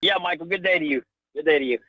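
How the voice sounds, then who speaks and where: A man's voice: fairly high pitch, rapid-fire, no room sound. A man calling in to a radio show, talking hesitantly with many fillers. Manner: hesitant, filler-heavy delivery. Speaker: caller. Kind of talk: call-in radio chat. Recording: muffled phone line into radio.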